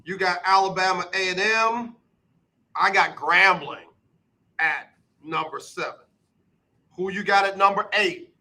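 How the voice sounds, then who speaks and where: A man hosting a casual sports talk radio show, quizzing his guest in a brisk, repetitive rhythm. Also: high-pitched, pushed and bright, low-quality recording.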